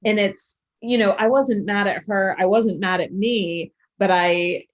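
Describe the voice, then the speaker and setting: In a relaxed interview, this woman, a coach, speaks openly and frankly about how she parents, laughing readily. Her voice sits at medium pitch and her pace is measured, though the audio is dull.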